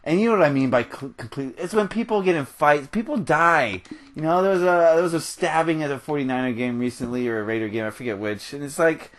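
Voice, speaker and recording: A man's voice: on the high side, quick pace. A young American man hosting a gaming video, ranting in a heated, rambling way while he plays, often laughing. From United States. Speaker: gaming channel host. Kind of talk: ranting commentary over gameplay.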